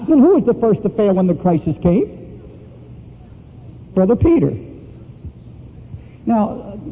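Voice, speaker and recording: Husky high-voiced impassioned male preacher. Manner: impassioned, swinging between high and low emphasis. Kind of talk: sermon. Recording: dull lo-fi recording in a reverberant hall.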